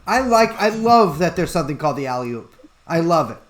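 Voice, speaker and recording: Playful podcast co-host, lively voice. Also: male voice, fairly high pitch, fairly quick. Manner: playful, goofy, feigns ignorance about sports. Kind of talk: casual joking chat.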